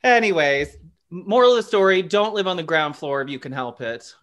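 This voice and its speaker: A man's voice: on the high side, lively intonation, fairly quick, a bit bright. A man co-hosting a podcast, telling rambling personal stories in a playful, self-deprecating way. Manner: rambling, laughing storyteller. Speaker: podcast co-host. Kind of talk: casual chat.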